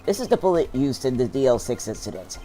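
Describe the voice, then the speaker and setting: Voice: medium pitch, big pitch swings, quick pace, warm tone, soft background music, lightly acted. A streamer voicing an earnest young male defense lawyer while reading a video game's text aloud, in a near-plain voice. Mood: pressing.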